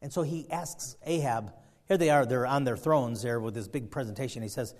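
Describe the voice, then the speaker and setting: A man's voice: mid-range voice, a little fast, darkish tone. A man preaching a sermon, retelling a story in a folksy, rambling way. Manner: folksy, storytelling, many fillers and restarts.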